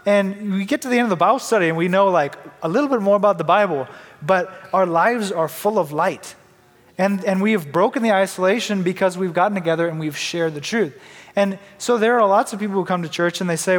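A man's voice: high-pitched, a little fast, long reverb tail. A young man sharing a candid, conversational personal testimony in church, often restarting his sentences. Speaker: church member giving testimony.

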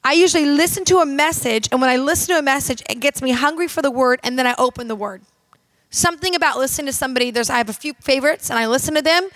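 Woman minister, high-pitched, dry close sound, emphatic conversational preaching. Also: very fast, a bit bright, no echo. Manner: emphatic, direct and conversational, addressing the audience. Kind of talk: sermon.

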